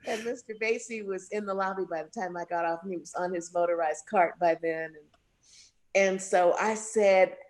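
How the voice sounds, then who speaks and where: A woman spinning a story in a conversational interview, jumping high and low as she acts out the people she quotes. Her speaking voice sits in a middle register and her delivery is lively and expressive. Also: normal speed. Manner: animated storyteller, acts out quoted voices with big pitch jumps. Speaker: jazz singer, guest.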